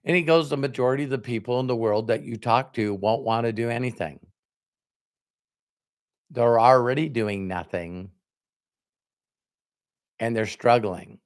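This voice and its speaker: A man's voice: medium pitch, unhurried, long pauses. A middle-aged man, a motivational speaker, telling a personal story to an audience and acting out both sides of a conversation. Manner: animated storyteller, acts out both sides of dialogue.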